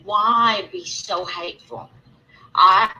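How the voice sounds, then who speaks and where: A woman talks slowly to her livestream viewers in a bright, forward voice. She rambles, restarts her sentences and keeps circling back, sounding aggrieved and emotional while she greets people in the chat. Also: medium pitch, dull audio. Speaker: livestream host. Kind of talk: casual livestream talk to viewers.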